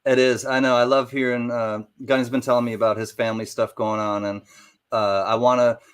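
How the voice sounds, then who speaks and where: A man co-hosting a casual livestream chat, giving easygoing shout-outs to viewers. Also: mid-range voice, level tone, brisk, clean tone. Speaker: co-host.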